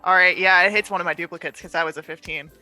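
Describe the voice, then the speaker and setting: A woman's voice: fairly low pitch, steady tone, fast, sharp tone, soft background music. A woman player describing her moves in a casual, chatty way with lots of fillers. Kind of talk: casual tabletop play.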